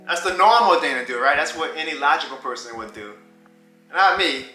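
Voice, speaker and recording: A man from New Orleans with a bright, fairly high voice tells a personal story for his vlog at a brisk clip. He's animated, laughs a lot, and acts out different voices, and the room sounds open with faint music behind him.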